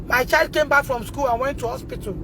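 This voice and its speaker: A Nigerian mother films herself on her phone, talking in a distressed, pleading way, repeating herself and breaking into shouts. Her voice is high and a little fast, with a little hiss or hum in the recording.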